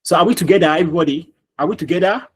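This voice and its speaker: A man's voice: a little high, very fast, breathy edge, low-quality recording. A man teaching a live online class over a video call, repeating himself and quizzing students by name.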